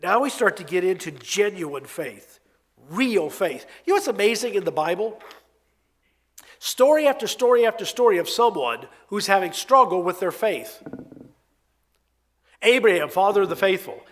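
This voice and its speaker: A man preaching a sermon in an expressive, conversational storytelling way with emphatic swings. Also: high-pitched, normal speed. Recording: long hall reverb.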